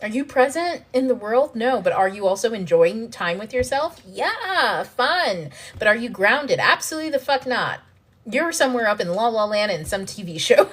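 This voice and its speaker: A woman who hosts and writes books, talking casually in a livestream and answering viewer questions, blunt and profane, laughing often. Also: on the high side. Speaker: author and self-development host.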